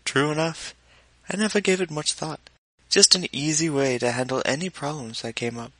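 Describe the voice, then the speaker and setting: A man's voice: a little high, moderate pace, sharp tone, dry recording, pitched above the performer's own voice, poor audio. A man voicing a lackadaisical, cold-blooded male villain in an audiobook reading. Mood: offhand. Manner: lackadaisical, casual.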